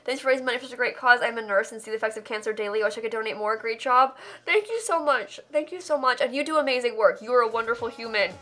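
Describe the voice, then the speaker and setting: A young woman on a live charity stream reads out donations and pours out heartfelt thanks. Her voice sits a little high and sounds crisp and bright. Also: fast talker. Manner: effusive, emotional thanks.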